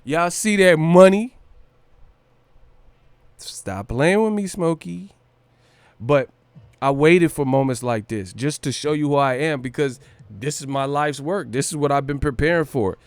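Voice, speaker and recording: A man's voice: on the high side, expressive, a little slow, pauses often, clean tone, no echo. A man hosting a boxing livestream, talking in a brash, profane, boastful way with hype energy. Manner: breaks into brief celebrity impressions and laughs. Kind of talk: casual livestream rant.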